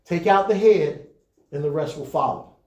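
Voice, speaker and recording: A male pastor preaching to his leaders in an easy, conversational way, then pushing up into emphatic peaks. His voice sits high, and it rings in a reverberant church room. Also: animated, moderate pace, darkish tone.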